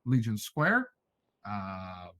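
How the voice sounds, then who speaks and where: A man recapping the story lore of a role-play game in an easygoing, measured way. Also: on the low side, wildly swooping pitch, fairly bright tone, dry recording, poor audio. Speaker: player recounting the story lore.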